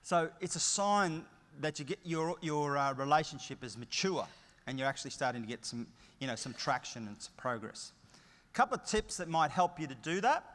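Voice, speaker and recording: A man's voice: a little high, animated, moderate pace, a bit bright. A middle-aged Australian man giving a motivational conference keynote, emphatic and story-driven with punchy short phrases. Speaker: keynote speaker. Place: large conference hall. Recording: long hall reverb.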